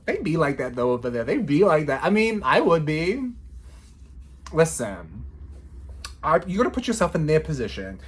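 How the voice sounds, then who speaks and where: A man's voice: fairly high pitch, sing-song, moderate pace, pauses often, breathy edge. A man in his thirties, a law student, chatting casually to camera in a playful, slangy way, often breaking into laughter. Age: 30s.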